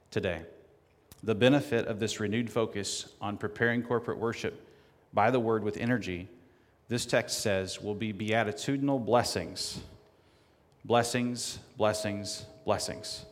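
A man preaching a sermon and reading scripture aloud, rising to loud emphatic declamation. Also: on the low side. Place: church sanctuary. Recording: long hall reverb.

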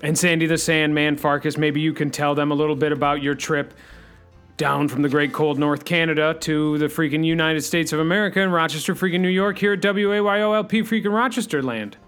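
A man playing a brash male talk-radio host with a slightly high voice that jumps sharply upward. He drops "freaking" into almost every line. Faint music plays behind him. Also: steady tone, fairly quick, fairly bright tone, clear, resonant tone, natural voice. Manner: says "freaking" constantly, with big pitch jumps. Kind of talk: comedy radio-show sketch.

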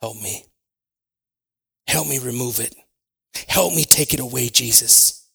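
A man preaching a sermon to his congregation, moving between quiet prayer, personal stories told with acted asides, and loud, shouted preaching. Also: mid-range voice, a little slow, creaky, husky. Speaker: pastor.

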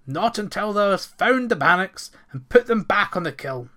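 A man's voice: high-pitched, animated, moderate pace, pushed and bright, voice pushed up. Man voicing a bold, stern young lad. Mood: angry. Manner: old-fashioned thee-and-thou speech, stern. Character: bold hot-tempered young Highland lad.

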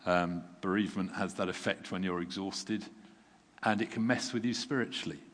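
A man preaching a sermon in a relaxed, conversational way, self-deprecating and chuckling now and then, sounding tired. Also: low voice, normal speed. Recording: long reverb from a large hall.

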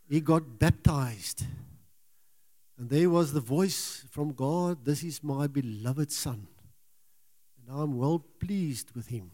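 Halting preacher, man with mellow voice. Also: a little high. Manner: halting, repeats words, earnest. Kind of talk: sermon.

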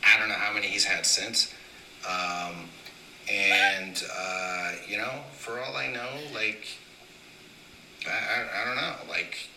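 A man's voice: fairly low pitch, slow pace, sharp tone. A man leaving a rambling, casual voicemail, swearing freely as he talks. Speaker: voicemail caller. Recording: distant roomy voicemail with faint noise.

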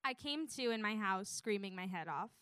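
A woman's voice: medium pitch, lively intonation, normal speed, a bit bright, clear, resonant tone, no room sound, studio quality. A young woman, a student, narrating a personal story in a wry tone. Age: young adult.

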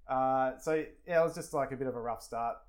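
An Australian man in his forties appears as a guest, telling rambling stories in casual chat, swearing freely and relying heavily on fillers. His voice is mid-range and a little fast.

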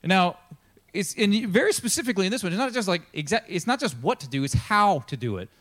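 Lively, chatty preacher man. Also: high-pitched, quick pace. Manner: casual, chatty storytelling that acts out the characters' lines. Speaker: pastor. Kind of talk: sermon. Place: church.

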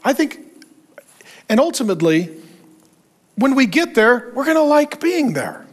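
A very high-pitched male voice belongs to a pastor preaching without hurry. He spins his stories energetically, playing the parts of the people he quotes.

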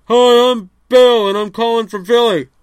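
A man's voice: very high voice, fairly even intonation, normal speed, clean tone, no echo. A man voicing a rambling, blunt male sports-fan caller in a comedy sketch.

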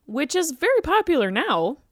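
A woman's voice: sits high, sing-song, normal speed, no echo, studio quality. A young woman co-hosting a casual podcast, chatty as she reads film history with side remarks. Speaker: podcast co-host.

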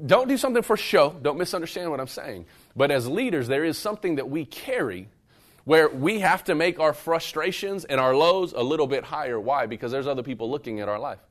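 A man preaching a sermon to a live congregation, animated and conversational, swinging between loud emphatic bursts and quieter, intimate passages while he speaks straight to the room. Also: a little high, a little fast. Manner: conversational, addresses the room directly. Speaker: pastor. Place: church service room with a live audience.

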